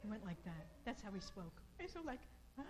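A woman giving an informal sermon in a slow, earnest and repetitive way, with bursts of emphasis. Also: mid-range voice, big pitch swings, a little mellow, rough recording.

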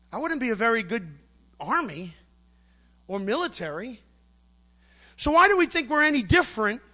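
A man's voice: very high-pitched, bright, forceful tone. A middle-aged man preaching a sermon, emphatic and storytelling, acting out the voices he quotes.

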